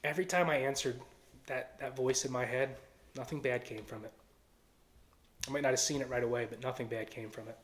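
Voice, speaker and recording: A man's voice: mid-range voice, steady tone, fairly quick, pauses often, a bit bright. A man with a Philadelphia-area accent giving an earnest personal testimony and acting out quoted dialogue. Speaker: testimony speaker.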